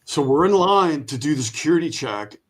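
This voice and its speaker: A man, an Army veteran guest, telling a lively anecdote and acting out the voices of the people in it. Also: on the high side, brisk. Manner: lively storyteller who acts out quoted voices. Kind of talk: storytelling anecdote.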